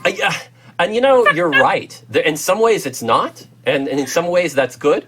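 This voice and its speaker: A man's voice: fairly high pitch, lively intonation, normal speed, fairly bright tone, slightly rough. A man with an American accent reviewing a film as co-host, enthusiastic and rambling with lots of fillers and restarts. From United States. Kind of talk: casual film review chat.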